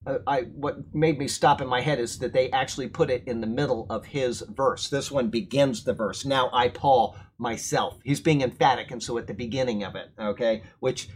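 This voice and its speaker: A man's voice: mid-range voice, steady tone, a little fast, few pauses, breathy edge. A man leading a Bible study, reading verses aloud and explaining them point by point.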